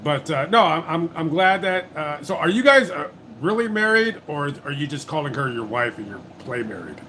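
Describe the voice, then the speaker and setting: Man, livestream host, blunt, joking, stammering, slightly high voice. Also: sing-song, moderate pace, sharp tone, slight background noise. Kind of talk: casual livestream chat.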